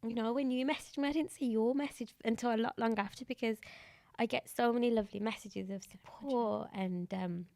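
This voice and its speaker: A woman's voice: fairly high pitch, fairly even intonation, a little fast, gravelly, a little mellow. A British woman from the UK, a podcast guest speaking earnestly and from the heart. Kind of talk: conversational interview.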